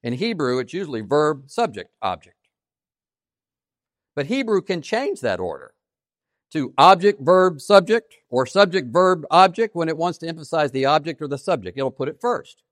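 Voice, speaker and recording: A man preaching a sermon, stressing key phrases by repeating them and swinging between loud emphasis and quiet asides. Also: on the high side, very animated, moderate pace, no room sound, clean studio sound. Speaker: pastor.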